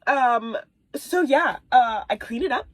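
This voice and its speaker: A woman in her thirties tells a story to camera, bright and high-pitched, with big swoops in her voice and sudden whispered asides. The sound is close and dry, with no room echo, as she hides in a small closet. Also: slow pace. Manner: animated, exaggerated retelling with whispered asides. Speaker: mom vlogger. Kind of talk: casual storytelling vlog.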